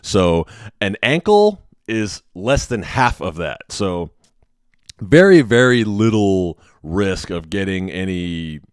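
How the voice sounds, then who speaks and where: A man who works as an x-ray technologist telling a story in a casual, animated way and swearing freely. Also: deep voice, takes it slowly, smooth, dry recording, clean studio sound.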